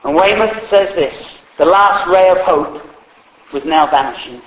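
A man's voice: high-pitched, measured pace, a bit bright. A man preaching a sermon in a humorous, conversational way, acting out quotes along the way. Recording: echoey hall.

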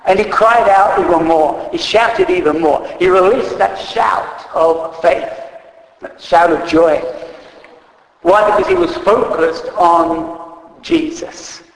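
A man with a high voice and some vocal fry preaches a sermon slowly but animatedly, in an earnest, unscripted way. He reads scripture aloud and corrects himself as he goes, his words echoing with hall reverb.

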